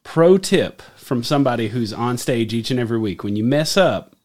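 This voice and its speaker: A man's voice: mid-range voice, expressive, moderate pace, a little mellow. A man who speaks on stage every week as a pastor, chatting casually and teasing his co-host. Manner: playful, teasing. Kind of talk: casual chat.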